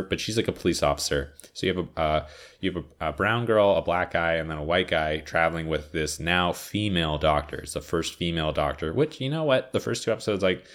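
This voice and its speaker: Very deep-voiced man rambling about TV. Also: fairly bright tone. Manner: rambling, heavy filler words, frequent swearing. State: tired, sniffly. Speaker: podcaster reviewing TV shows. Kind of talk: rambling casual chat.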